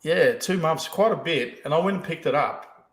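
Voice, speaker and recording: A man's voice: fairly high pitch, moderate pace. A male podcast host in casual chat, telling stories and swearing heavily as he rambles. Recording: roomy echo.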